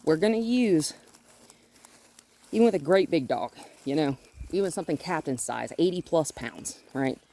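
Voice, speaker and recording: A woman working as a dog trainer, calmly explaining her methods during a hands-on outdoor session and often breaking off to praise the dog. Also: low voice, no room sound. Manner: calm and explanatory, with frequent cheerful praise for the dog. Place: outdoors near a gate with a noisy HVAC unit.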